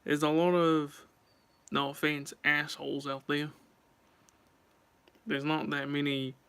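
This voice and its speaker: A man's voice: fairly high pitch, level tone, slow pace, sharp tone, clean tone. A man chatting casually on a live stream, rambling and talking straight to his viewers.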